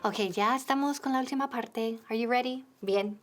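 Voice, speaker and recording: A woman explaining English phrases, slowing down to model them clearly. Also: on the high side, faint music behind. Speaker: English teacher presenter. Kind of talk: bilingual lesson explanation.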